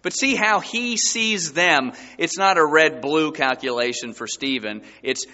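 A man preaching a sermon as a pastor, his voice surging high and loud for emphasis. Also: measured pace, hardly any pauses. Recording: dull sound with long hall reverb.

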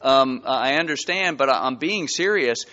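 A man preaching a sermon to his church, telling stories with lively, rising emphasis. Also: mid-range voice, normal speed, in a large hall, lo-fi sound. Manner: animated storytelling with rising emphasis. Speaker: pastor. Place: church sanctuary.

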